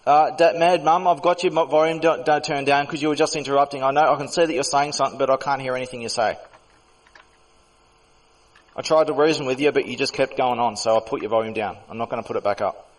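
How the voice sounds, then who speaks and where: A man's voice: mid-range voice, fairly even intonation, fast, recorded from a distance, rough recording. A man hosting a heated voice-chat debate, talking in an insistent, lecturing, argumentative way. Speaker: voice chat server host. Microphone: computer mic in voice chat.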